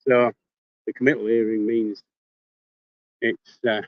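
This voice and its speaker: A man's voice: fairly low pitch, level tone, a little slow, dry recording. Older Yorkshire man, blunt casual talk, swears freely, dry close phone sound, slightly muffled. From Yorkshire, England. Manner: blunt, swears casually, speaks before thinking. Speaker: livestreamer. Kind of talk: casual live-stream chat. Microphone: phone held in hand.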